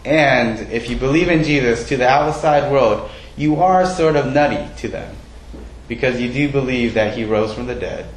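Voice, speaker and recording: A man's voice: medium pitch, moderate pace, roomy sound, poor audio. A man preaching a sermon as pastor, in a conversational way, often putting questions to the congregation and poking fun at himself. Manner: conversational, self-deprecating, asks the congregation questions.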